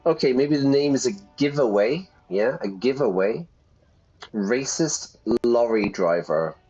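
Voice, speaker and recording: A man's voice: medium pitch, expressive, measured pace, a little mellow, husky, faint music behind. A man, a teacher chatting casually while playing a game and explaining words as he goes. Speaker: English teacher. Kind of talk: let's-play lesson, casual commentary. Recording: dull lo-fi sound.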